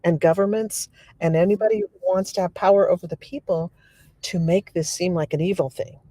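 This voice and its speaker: Lady guest on a podcast telling stories, lowish voice, super dry sound, keeps laughing and doing voices. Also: fairly quick, no room sound. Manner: animated, laughs often, acts out quotes. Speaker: podcast guest, remote viewer. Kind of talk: casual storytelling.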